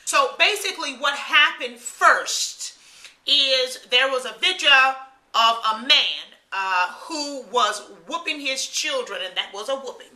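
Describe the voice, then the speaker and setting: A woman vlogging her opinion in a fiery, preachy way, sometimes bursting into loud mocking voices. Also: high voice, expressive, measured pace. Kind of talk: animated opinion monologue. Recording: echoey room.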